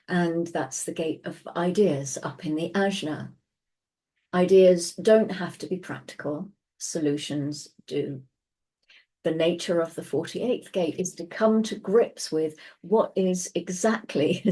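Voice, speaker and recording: A woman's voice: lowish voice, dark tone. A woman giving a casual solo talk as a Human Design teacher, chatty and reflective, often asking her listeners questions, recorded at home.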